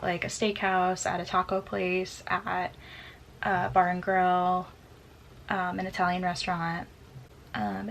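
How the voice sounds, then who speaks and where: A woman's voice: medium pitch, vocal fry, fairly bright tone, a little hiss or hum, poor audio. A woman in her twenties chatting casually through a get-to-know-me question list, giggling often and filling with "like". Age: 20s. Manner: chatty, giggly, many "like" fillers. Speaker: vlogger. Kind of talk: casual Q&A tag video.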